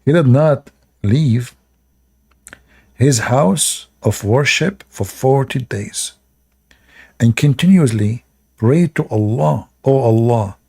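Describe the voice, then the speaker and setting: A man's voice: medium pitch, vocal fry, dark tone. A man giving sarcastic live-stream commentary in non-native English while reading stories aloud, often breaking into laughter. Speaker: streamer commenting on religious texts.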